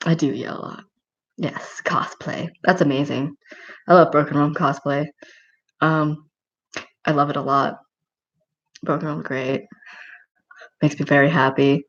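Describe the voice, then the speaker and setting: Casual livestreamer, a woman with a low voice who is chatty, rambling and giggly. The audio is dull and lo-fi. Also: flat delivery, unhurried, pauses often. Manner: rambling and giggly, many filler words. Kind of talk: casual livestream chat reading comments.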